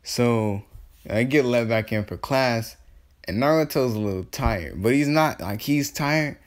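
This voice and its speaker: A man's voice: medium pitch, lively intonation, unhurried. A man telling an improvised fan story in a rambling, slangy way, full of fillers and self-corrections.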